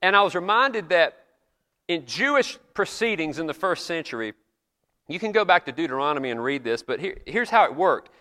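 Bright-voiced male preacher in a reverberant chapel. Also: on the high side, sing-song, a little fast. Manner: earnest storytelling preacher, retells scripture conversationally. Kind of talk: sermon.

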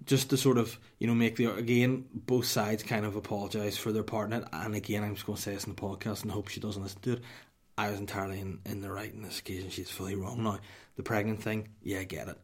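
Sweary Northern Irish man telling stories. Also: fairly low pitch. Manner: sweary, mock-dramatic, drops to a hushed whisper for punchlines. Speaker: podcast host. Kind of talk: comic storytelling monologue.

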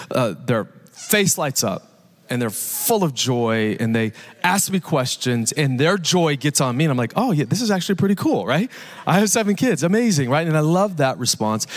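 Energetic man preaching in a reverberant church. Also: mid-range voice. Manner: energetic, conversational preaching with jokes and audience questions. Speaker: pastor. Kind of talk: live sermon. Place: large church hall. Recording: live church hall reverb.

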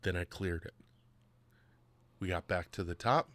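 A man hosts his podcast, telling a story in a lively, emphatic way that leans on repetition. His voice is low-ish but bright and forward. The sound is dry, with no room echo. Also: unhurried. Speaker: podcast host. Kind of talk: casual storytelling monologue.

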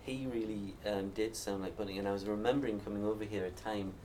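A man's voice: fairly low pitch, fairly even intonation, fast talker, warm tone. A man from Northumberland, telling stories in a thoughtful way as a panelist in a live discussion. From Northumberland, England. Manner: thoughtful, storytelling, some restarts. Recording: distant mic, faint background noise.

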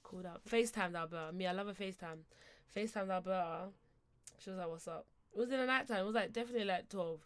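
A young woman, co-hosting a podcast and telling a story in a casual, animated, slangy way with bursts of laughter. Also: medium pitch, quick pace. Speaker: podcast co-host.

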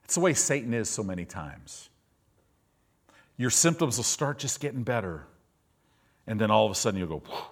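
A man's voice: fairly low pitch, sing-song, moderate pace, long pauses. A male pastor preaching in a conversational way, asking his listeners questions and acting out people's reactions. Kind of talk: sermon.

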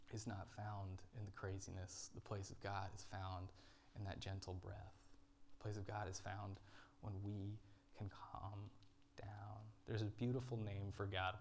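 Male pastor, low-ish voice, earnest dramatic sermon delivery with pauses. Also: flat delivery, slight background noise. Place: church.

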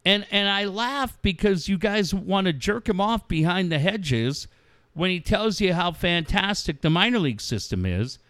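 A man's voice: high voice, normal speed, smooth, no room sound, clean studio sound. A middle-aged man co-hosting sports radio, telling stories with acted-out quotes and frequent swearing. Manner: animated storyteller, swears freely, acts out quotes. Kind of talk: casual sports radio chat.

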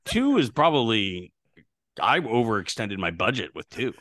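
Male podcast co-host, animated pitch, dry close mic, casual stats talk. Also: moderate pace, dry recording. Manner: conversational, stats-heavy, many fillers. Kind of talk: casual sports podcast chat.

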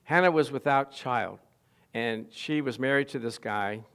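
A middle-aged man preaching a sermon, swinging between quiet asides and loud, emphatic lines and putting questions to the congregation. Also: mid-range voice, unhurried, clear, resonant tone. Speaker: pastor.

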